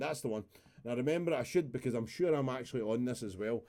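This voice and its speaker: A man's voice: mid-range voice, quick pace, dark tone. A man, casually walking through a music production session on a live stream, chatty and rambling with the odd swear word.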